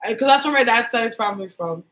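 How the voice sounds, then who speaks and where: A woman's voice: on the high side, lively intonation, fast talker, fairly bright tone, rough recording. A young woman from Canada chatting casually with viewers on a livestream as a psychic medium host, reading their comments aloud.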